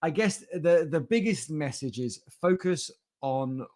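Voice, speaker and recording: A man's voice: a little high, lively intonation, unhurried, a little mellow. A man with a British accent co-hosting a live stream, talking casually with a joking, self-mocking, rambling manner.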